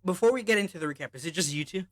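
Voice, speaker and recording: A man's voice: high voice, expressive, rapid-fire, dry recording, studio quality, voice pushed up. A game master voicing a jumpy young male guard with an eye patch, talking in a strained, edgy way and swearing. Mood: alarmed.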